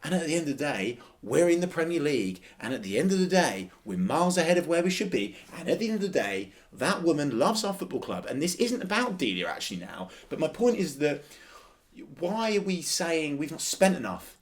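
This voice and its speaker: Animated man arguing about football. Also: a little high, brisk. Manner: passionate, defensive, repeats phrases for emphasis. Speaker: podcast co-host. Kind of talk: casual football chat.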